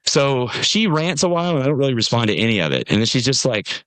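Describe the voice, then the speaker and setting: Here a podcast guest from Nashville, USA, recounts a long story in casual conversation, acting out quoted voices with animation. He talks at a quick pace with a medium pitch, recorded dry.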